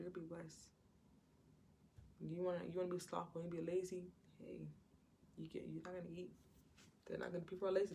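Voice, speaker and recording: A woman's voice: fairly low pitch, creaky, a little mellow, slight background noise. A woman giving an informal Bible teaching in a conversational way, retelling scripture stories and acting out what the people in them say. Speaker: Christian preacher.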